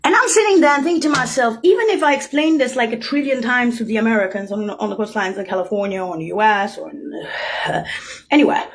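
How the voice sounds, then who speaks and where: A woman in a profane, rambling rant, mocking and swearing heavily, jumping between loud outbursts and low muttering. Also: fast, a little hiss or hum.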